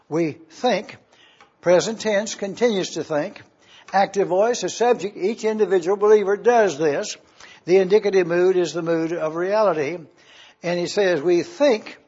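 A high-voiced man delivers a Bible teaching at an unhurried, deliberate pace, stopping to spell out Greek words letter by letter. His voice is a little husky, and the recording sounds dull and lo-fi. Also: darkish tone.

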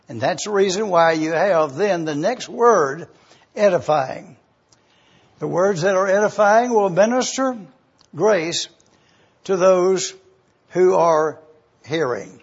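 A man's voice: high-pitched, lively intonation, takes it slowly, breathy edge. A man teaching a sermon, going through a verse word by word and spelling out Greek words letter by letter. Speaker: Bible teacher. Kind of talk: expository sermon. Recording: dull lo-fi recording.

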